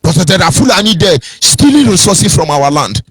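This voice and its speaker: A Nigerian man holds forth on a radio broadcast, his voice riding high and lilting as he preaches and mocks. The sound is close and dry, with no room around it. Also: sing-song, moderate pace, a bit bright, husky, no echo. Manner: preachy, sing-song, mocking impressions of others. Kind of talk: impassioned political radio talk.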